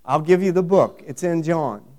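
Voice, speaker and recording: A man's voice: fairly high pitch, normal speed, warm tone. A middle-aged man preaching a sermon, emphatic and repetitive, asking the congregation questions. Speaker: pastor.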